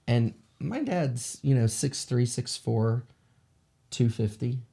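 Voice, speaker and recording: Guy telling a spooky story, kinda gravelly, middle-aged, gets animated. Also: mid-range voice, slow. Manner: animated, acts out the voices of people in his stories. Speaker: shaman sharing paranormal stories. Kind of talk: casual spoken storytelling.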